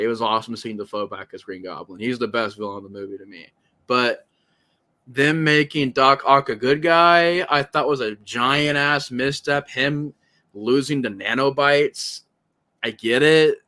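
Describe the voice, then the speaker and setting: A man hosting a podcast in casual movie talk, animated and profane, often acting out lines he quotes. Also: medium pitch, normal speed. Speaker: podcast host.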